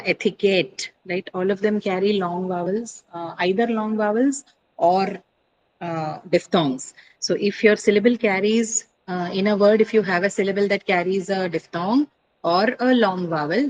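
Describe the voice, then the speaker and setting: A woman's voice: fairly low pitch, a little hiss or hum, rough recording. A woman teaching an English pronunciation class online, explaining step by step with frequent "uh" and "right?" checks.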